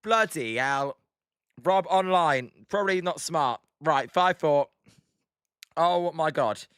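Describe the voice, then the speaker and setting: A man's voice: on the high side, animated, slow pace, a bit bright, clear, resonant tone, no room sound, studio quality. A British man giving casual live-stream baseball commentary, chatting and swearing often while reading out the chat.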